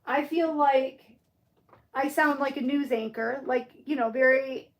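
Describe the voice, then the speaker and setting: A woman's voice: high voice, measured pace, roomy sound. A middle-aged woman from Michigan with a Michigan accent, chatting casually with viewers on a craft livestream. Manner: chatty, answers viewer comments, muses aloud. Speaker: livestream crafter reading chat. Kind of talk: casual live-stream chat.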